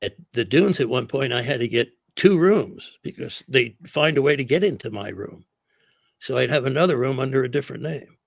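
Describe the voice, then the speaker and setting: An older man, a comedian guest, telling animated anecdotes in a casual interview and acting out the quotes. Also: medium pitch, moderate pace, gravelly, dry recording, studio quality.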